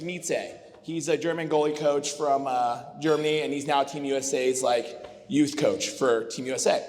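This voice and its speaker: A man's voice: on the high side, normal speed, darkish tone. A man in his thirties giving an emotional, heartfelt wedding toast as best man, rambling with fillers. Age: 30s. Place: wedding reception hall. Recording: long reverb of a reception hall.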